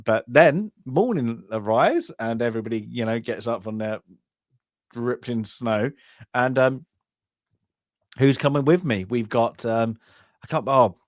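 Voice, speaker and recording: A man's voice: medium pitch, a little slow, no echo. Casting: man in casual film-club chat, meandering and chatty, dry mic. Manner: rambling, many restarts and fillers, acts out characters' lines. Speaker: film review co-host.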